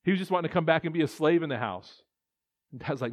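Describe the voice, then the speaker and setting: A man's voice: fairly high pitch, animated, quick pace, dry recording. A male pastor preaching a conversational sermon, with restarts and acted-out quotes. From Texas. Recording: dull, muffled dry sound.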